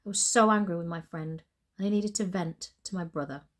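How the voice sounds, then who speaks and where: A woman's voice: on the low side, fairly even intonation, fairly quick. Woman author reading her novel aloud. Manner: plain first-person storytelling.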